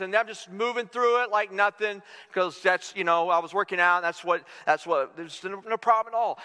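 A man in his forties preaching a sermon, telling stories with lively acted-out quotes. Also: in a large hall. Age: 40s. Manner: animated storytelling, acting out quotes with big pitch swings. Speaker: pastor. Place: church sanctuary.

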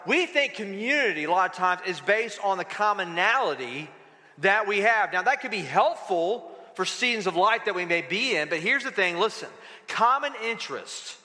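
A male pastor preaching a sermon in a church, animated and acting out little dialogues with the crowd. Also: high-pitched, big-room sound. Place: church sanctuary.

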